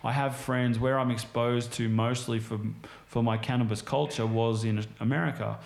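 A man in casual chat, spinning long, rambling stories and swearing nearly every few words. His voice sits in an ordinary middle pitch for a man. The room around him gives it a noticeably echoey, reverberant sound. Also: steady tone, normal speed, creaky. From Australia. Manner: rambling, heavily profane storytelling full of fillers. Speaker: podcast guest. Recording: roomy echo.

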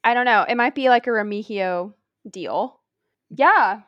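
Brief: American woman co-host, wry and laid-back, slightly high voice, dry sound. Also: a little slow, dry recording, lo-fi sound. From Omaha, United States. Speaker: podcast co-host. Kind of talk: casual podcast chat.

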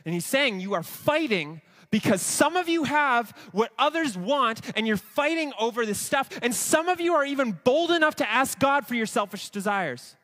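A man's voice: extremely high pitch, lively intonation, normal speed, hardly any pauses, sharp tone. A man preaching a sermon to a congregation, earnest, with quoted asides and restarts. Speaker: pastor.

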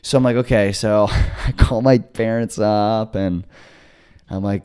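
A man's voice: a little slow, smooth. A young man in his twenties, a podcast co-host, telling a story casually, swearing and acting out quotes. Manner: animated, swearing, acts out quotes with jumps in pitch.

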